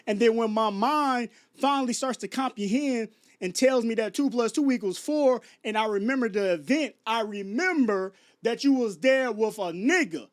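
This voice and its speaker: Late at night, a man in his 30s from Chicago rants to his viewers in a very high voice at normal speed. The vlogger keeps restarting himself and throwing out rhetorical questions.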